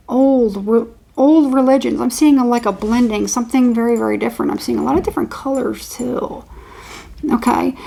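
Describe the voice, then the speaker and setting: Female psychic reader, slightly high voice with vocal fry, loose and repetitive delivery. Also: dark tone. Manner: rambling, repeats words while channeling. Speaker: tarot reader. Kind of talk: intuitive horoscope reading.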